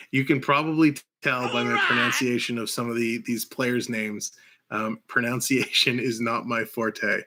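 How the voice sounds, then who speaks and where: A man's voice: medium pitch, fairly even intonation, pushed and bright. A man with a Canadian accent calling live hockey play by play and chatting with viewers between plays. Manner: rapid play calls mixed with chatty asides to viewers, laughing often. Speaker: play-by-play host.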